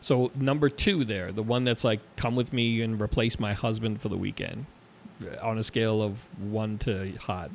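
A middle-aged man co-hosting a casual chat, animated and quick to jump into high-pitched impressions when quoting people. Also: creaky, a little hiss or hum.

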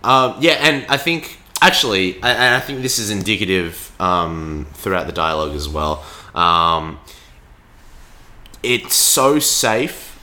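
Young man with a bright, hesitant voice. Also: low-pitched, lively intonation, slow pace. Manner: hesitant, many fillers and restarts. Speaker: podcast co-host reviewing a film. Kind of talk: casual film discussion.

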